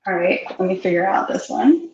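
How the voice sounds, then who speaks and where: A woman's voice: mid-range voice, big pitch swings, fairly quick, a little mellow, reverberant, dull audio. A woman from New Jersey joining a live-streamed podcast as a guest, breezy and self-deprecating, laughing through tech trouble. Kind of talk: casual live-stream chat.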